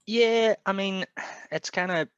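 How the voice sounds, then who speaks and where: A man hosting a podcast in casual wrestling chat, talkative and quick to laugh. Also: sits high, fairly bright tone, clear, resonant tone, no room sound, lo-fi sound. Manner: chatty, laughs often, quick asides. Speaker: podcast host.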